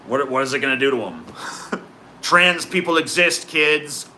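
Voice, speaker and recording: Sweary sarcastic man with a bright voice. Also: mid-range voice, lively intonation, unhurried, slight background noise. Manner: profane, sarcastic, rambling. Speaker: streamer answering chat. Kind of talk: casual livestream chat.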